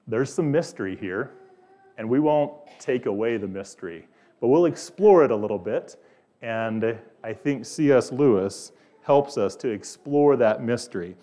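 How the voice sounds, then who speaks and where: A man's voice: medium pitch, animated, a little slow, mellow. A male pastor preaching an earnest sermon, posing questions to his listeners.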